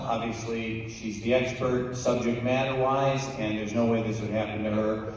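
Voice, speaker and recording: A man's voice: mid-range voice, level tone, moderate pace, slight background noise. Blunt man speaking in an echoey hall. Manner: blunt, plainspoken storytelling. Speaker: speaker at a school assembly. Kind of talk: spoken talk to students. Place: large school hall. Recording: echoey hall recorded from far off.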